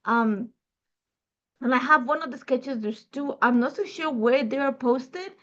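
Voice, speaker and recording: A woman's voice: high voice, a little slow, a bit bright, muffled recording. A woman from Ecuador with an Ecuadorian Spanish accent and Spanish as her first language, chatting casually as she hosts a crafting video while fighting a cough. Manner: chatty, rambling, many fillers. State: fighting a cough, throat irritated. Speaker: crafting host.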